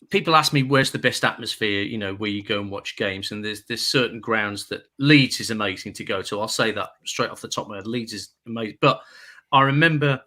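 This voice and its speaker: An English man on a relaxed chat show, trading stories and quick jokes. His tone is bright and forward. He is a seasoned talker at an easy, mid pitch. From England. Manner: chatty anecdotes with jokes, puts on voices in quotes. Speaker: guest radio presenter. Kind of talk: casual chat, storytelling.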